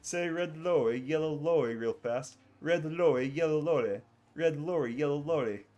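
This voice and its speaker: Bantering playfully over a game stream, this man puts on a hammy British accent and laughs a lot, cheerfully playing an over-the-top drunk British chap. His mid-range voice is expressive and measured, with a darkish tone, clipped high frequencies and faint background music, and it sounds natural.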